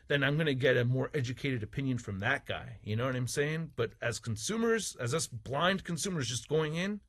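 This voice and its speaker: Husky, heated man ranting. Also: medium pitch, a bit bright. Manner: heated, profane, combative; mocking, sarcastic asides. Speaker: toy reviewer. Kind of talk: ranting opinion vlog.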